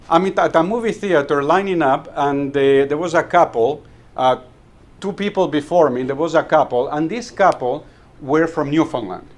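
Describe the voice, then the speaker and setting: A man with a fairly high voice tells funny stories at a club meeting. He acts out the lines of the people in his anecdotes and laughs at his own punchlines. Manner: storyteller acting out dialogue, chuckling at his own jokes. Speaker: club member giving a talk. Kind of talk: humorous club speech telling anecdotes. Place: meeting room.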